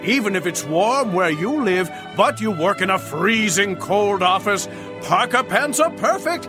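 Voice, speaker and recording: Man plays a cheesy commercial announcer, high and sing-song, music bed underneath. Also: expressive, a little slow. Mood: salesy. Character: smooth male ad pitchman selling parka pants. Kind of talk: mock radio commercial.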